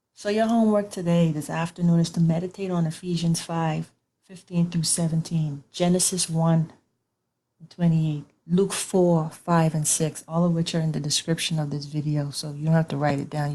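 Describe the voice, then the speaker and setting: A woman's voice: low voice, mellow. A woman giving an informal online sermon as a Bible teacher, conversational and repetitive, with colloquial grammar.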